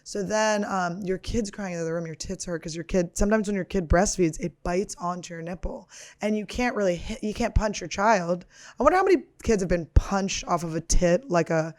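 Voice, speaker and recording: A woman's voice: lowish voice, a little fast, darkish tone. A woman in her thirties hosting a podcast, riffing through a casual comedic monologue in a crude, rambling, profane and self-mocking way. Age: 30s.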